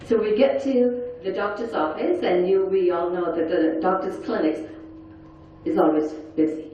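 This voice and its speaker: A woman's voice: medium pitch, moderate pace, warm tone, slight background noise. A middle-aged woman giving an intense, earnest personal testimony at a forum session. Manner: earnest, intense storytelling with acted-out quotes. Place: large conference hall. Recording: echoey, distant, dull hall recording.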